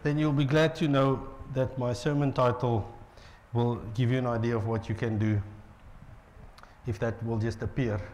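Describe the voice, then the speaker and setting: A middle-aged man with a South African accent preaching a lively sermon in a church, joking with the congregation. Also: mid-range voice, normal speed, a little hiss or hum. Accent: South African English. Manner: playful, jokes with the congregation. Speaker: pastor.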